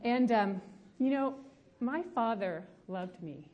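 A woman's voice: fairly high pitch, animated, takes it slowly, dull audio, a little hiss or hum. A middle-aged woman teaching a Bible study to a room of listeners, reflective and personal, with frequent ums. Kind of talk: teaching talk. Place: room with a live audience.

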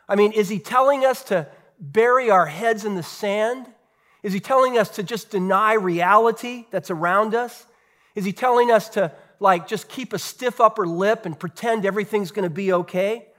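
A man, a pastor, preaching a sermon earnestly, with rhetorical questions and dramatic pauses. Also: sits high, fairly bright tone.

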